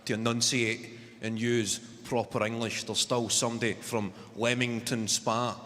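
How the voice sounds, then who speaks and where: A man's voice: medium pitch, little pitch movement, a little slow, a little hiss or hum. A man with a Scottish accent doing a stand-up comedy set on stage at a large live venue, telling brash, profanity-laced stories and slipping into acted-out voices. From Scotland. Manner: sweary, brash storytelling that slips into acted-out voices. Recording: echoey hall with loud ambience.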